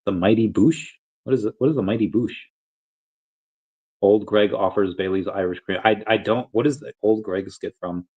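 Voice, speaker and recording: A man's voice: fairly low pitch, moderate pace, darkish tone, breathy edge. Rambling man streamer, lo-fi tablet mic. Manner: rambling, self-amused, chatty. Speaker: livestream host. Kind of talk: casual livestream chat reading. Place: empty basement room.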